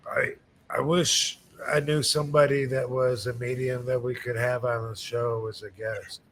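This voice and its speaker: A man's voice: mid-range voice, moderate pace, slight background noise. Laid-back man telling rambling stories. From USA, Michigan. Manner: relaxed, rambling storytelling with many fillers. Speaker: podcast host, wrestler. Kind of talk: casual chat.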